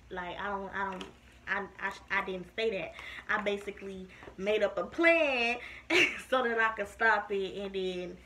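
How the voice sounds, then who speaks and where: A woman's voice: medium pitch, a little hiss or hum. A young woman, casually telling a story to her viewers and often calling them "y'all". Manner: chatty, animated, addresses viewers as y'all. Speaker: storytime vlogger.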